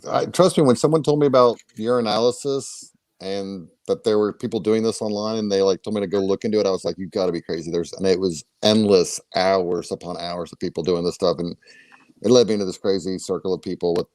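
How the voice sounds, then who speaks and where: A man's voice: sits low, fairly even intonation, fast talker, darkish tone, no room sound. A man in a casual chat telling a story in disbelief. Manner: storytelling, incredulous.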